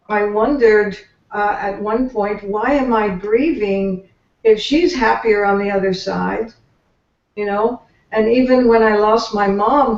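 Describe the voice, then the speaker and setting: An older woman sharing her spiritual reflections on grief in a slow, earnest way. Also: mid-range voice, a little mellow. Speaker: circle participant. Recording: muffled, echoey, from far off the mic.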